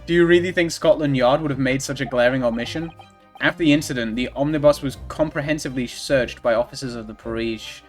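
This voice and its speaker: A man's voice: mid-range voice, quick pace, faint music behind, lightly acted. A man reading aloud the lines of a haughty aristocratic lord prosecutor in a formal, lofty manner.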